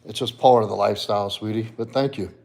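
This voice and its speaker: A fast-talking man with a lowish, creaky, darkish voice keeps his intonation fairly even. He hosts a casual livestream as a fitness coach, laid-back while responding to chat and chatting with his dog.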